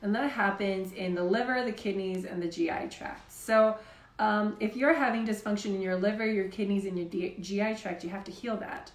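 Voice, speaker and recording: Woman, live Q&A host, casual chat, mid pitch, roomy echo. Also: fairly even intonation, moderate pace. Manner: chatty, says "like" often. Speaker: health show host.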